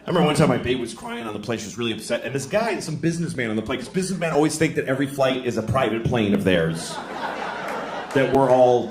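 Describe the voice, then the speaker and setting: Stand-up comedian with a lively, animated delivery. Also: male voice, a little high, background noise. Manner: deadpan storytelling with sudden loud acted-out voices. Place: theater stage before a laughing audience. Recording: roomy live venue with crowd laughter.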